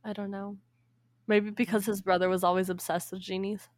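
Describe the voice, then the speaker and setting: Her voice is medium-pitched, level and somewhat dark, with no echo. A young woman is casually retelling a folk tale to a friend, laughing a lot and slipping into quick little voices for the characters.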